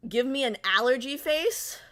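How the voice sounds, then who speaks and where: A woman's voice: high voice, expressive, moderate pace, a bit bright. A woman streamer in casual livestream chat, chatty and giggly, reading viewer comments aloud.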